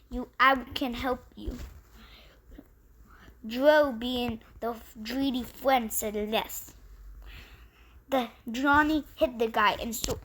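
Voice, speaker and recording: A woman's voice: fairly high pitch, slight background noise. Rambling woman telling a made-up story. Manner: rambling, run-on, with restarts. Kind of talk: improvised story narration.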